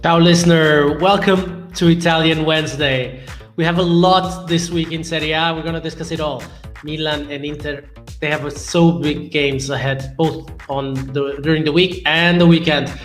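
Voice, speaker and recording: Male podcast host, upbeat welcoming intro, slightly high voice, roomy sound. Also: level tone, moderate pace, fairly bright tone. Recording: roomy echo with faint music.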